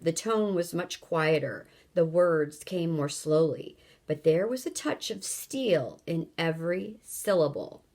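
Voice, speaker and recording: A woman teacher reading a children's novel aloud and explaining word sounds. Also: on the low side. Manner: slow, careful, explanatory.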